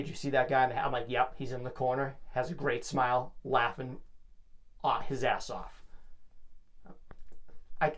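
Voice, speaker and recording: A young man hosting his own podcast alone, rambling and joking as he hypes himself up. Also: mid-range voice. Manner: rambling, jokey, self-hyping. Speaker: podcast host. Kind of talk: casual solo podcast monologue.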